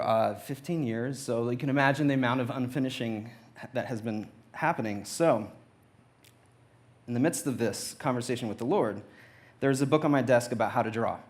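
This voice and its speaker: A young adult man giving a playful, anecdotal testimony to a church audience. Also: medium pitch. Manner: playful, anecdotal, acts out quotes. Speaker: church speaker. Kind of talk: humorous personal testimony on stage. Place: church auditorium.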